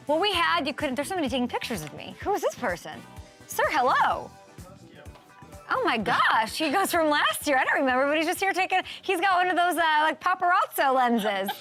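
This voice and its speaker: A woman hosting a sports talk show, animated and joking, riffing fast on the weekend's games. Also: high-pitched. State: out of breath. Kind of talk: energetic sports talk monologue.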